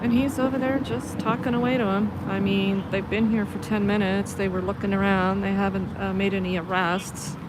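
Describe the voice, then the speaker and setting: A woman livestreaming on a city street from a phone, giving sarcastic commentary on police and at times shouting at them. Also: medium pitch, flat delivery, normal speed, hardly any pauses. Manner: sarcastic, turns to loud shouting at officers. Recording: street recording with traffic noise.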